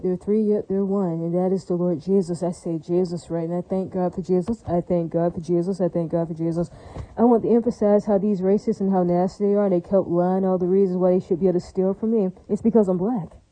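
A woman's voice: on the low side, mellow, no room sound, low-quality recording. A woman speaking in a rambling, repetitive monologue, full of fillers and religious exclamations. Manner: repetitive, emphatic, filler-heavy. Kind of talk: rambling direct-to-camera monologue.

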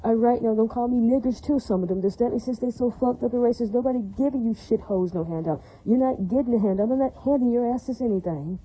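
A woman's voice: on the high side, quick pace, hardly any pauses, dark tone, husky, rough recording. A woman addressing her viewers in a long, angry, rambling rant, repeating herself and often asking if it makes sense. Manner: ranting, repetitive, keeps asking "does that make sense". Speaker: vlogger.

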